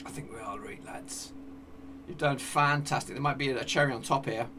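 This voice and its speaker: Excitable man calling a football sim. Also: medium pitch, moderate pace, recorded from a distance, background noise. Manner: excitable, cheers at goals, talks to his players. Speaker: gaming YouTuber. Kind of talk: live commentary over a football management game.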